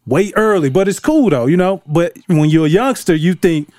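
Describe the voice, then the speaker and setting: Ex-football player, a man with a slightly higher voice, dry close sound, laughing storyteller. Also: expressive, normal speed, a little mellow, dry recording. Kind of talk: casual chat, storytelling.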